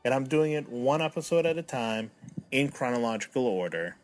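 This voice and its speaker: An expressive man in his thirties, speaking a little fast in a mid-range voice, hosts a solo podcast with mock drama, going from self-pitying mumbling to indignant blowups. Faint music sits behind him.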